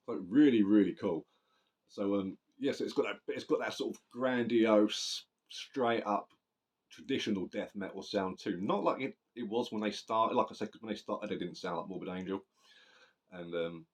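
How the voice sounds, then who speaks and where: A man with a very low voice reviews a metal record in loose, rambling chat. He swears freely and keeps restarting his sentences. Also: darkish tone. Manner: rambling, sweary, self-correcting. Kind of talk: casual spoken album review.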